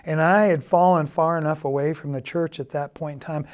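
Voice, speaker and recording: A middle-aged man giving a halting, earnest confessional testimony, often dropping to a quiet, subdued tone. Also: a little high, steady tone. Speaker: church member giving a personal testimony.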